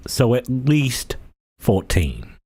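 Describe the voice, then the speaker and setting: A man's voice: mid-range voice, sing-song, drawn-out words, mellow, breathy edge, no room sound, clean studio sound, heavily acted. A man voicing a coy flirting barmaid. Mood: teasing. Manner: teasing, coy. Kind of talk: tabletop role-play.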